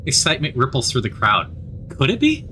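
A man reads a story game aloud in an animated, expressive way. His voice is bright and forward, with lively swings in pitch. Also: brisk, a little hiss or hum. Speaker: narrator.

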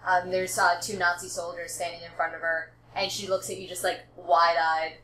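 A woman runs a tabletop game with a bright, forceful voice, narrating in a loose, teasing manner full of fillers. The recording is roomy with a faint hiss, like a casual session in an echoey room. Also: fairly low pitch, little pitch movement, normal speed. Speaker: game master.

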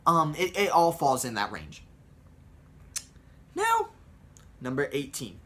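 A man's voice: fairly high pitch, huge pitch swings, slow pace, pushed and bright, a little hiss or hum. A young man in his late teens chatting casually as a vlogger about voice impressions, rambling and upbeat with lots of fillers. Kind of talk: casual tutorial chat.

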